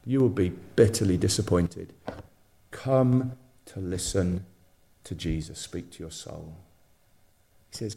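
A man preaching a sermon in an animated, conversational way, often restarting and repeating himself. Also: on the low side, measured pace, pauses often. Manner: animated, repetitive, conversational storytelling with many restarts.

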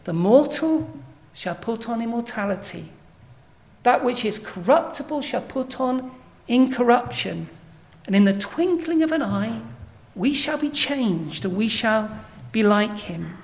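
A woman preaching a sermon in a measured, emphatic way, building to strong declarations. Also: fairly high pitch, animated, darkish tone.

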